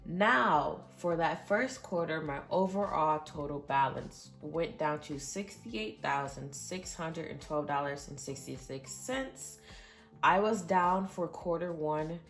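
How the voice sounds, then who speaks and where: Woman, low voice, chatty and earnest, young adult, faint music behind. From Michigan, USA. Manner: chatty, reads out exact figures, earnest. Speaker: budgeting vlogger. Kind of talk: casual budget update.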